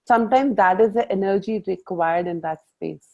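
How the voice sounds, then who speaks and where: A woman's voice: medium pitch, normal speed, vocal fry. Woman coaching on a muffled video call. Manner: animated storytelling with quoted self-talk. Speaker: coach leading a group call. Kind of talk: casual group coaching talk.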